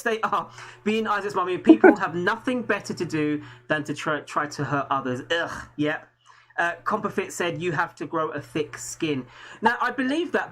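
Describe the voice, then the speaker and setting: A man's voice: high-pitched, fairly bright tone, low-quality recording. An English man hosting a live stream, talking earnestly in a rambling way with many restarts. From England. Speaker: host. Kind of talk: casual live-stream chat.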